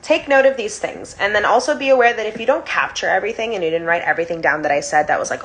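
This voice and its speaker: A woman's voice: mid-range voice, animated, fast, hardly any pauses, fairly bright tone, a little hiss or hum. A young woman leading a casual live-stream breathwork lesson, bubbly and giggly, saying "like" all the time. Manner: bubbly, giggly, sprinkles "like" constantly. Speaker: breathwork and chakra teacher.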